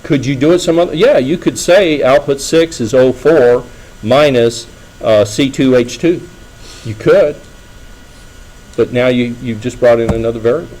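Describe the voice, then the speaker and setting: On a rough recording, a middle-aged engineering lecturer with a mid-range voice and darkish tone talks at normal speed in class. He keeps it conversational and often asks students questions to check they're following.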